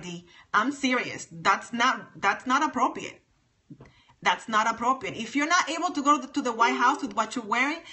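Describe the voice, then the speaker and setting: Middle-aged woman host, emphatic and sassy, bright and a little high; phone livestream chat. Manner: emphatic, repeats her points, sassy. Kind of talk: casual livestream chat with viewers.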